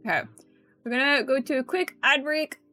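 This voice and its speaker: A woman's voice: high-pitched, a little fast, sharp tone, soft background music. A woman streamer chatting casually and playfully teasing her chat during a live stream. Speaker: VTuber streamer.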